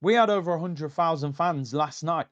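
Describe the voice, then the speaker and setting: A man hosting a fan live stream, reading viewer messages in an excitable, slangy way. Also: on the high side, muffled recording. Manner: excitable and slangy, fast shifts between calm and fired-up. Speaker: fan channel host.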